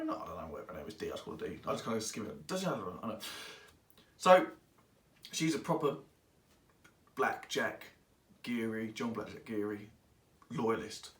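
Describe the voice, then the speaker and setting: A man reviewing a book in casual, rambling speech, excitable and quick to act out the characters. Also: medium pitch, distant mic. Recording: echoey room, voice away from mic.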